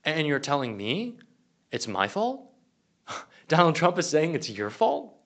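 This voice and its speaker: A man's voice: on the high side, wildly swooping pitch, a little slow. A young man delivering an angry, profane political commentary rant. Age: young adult.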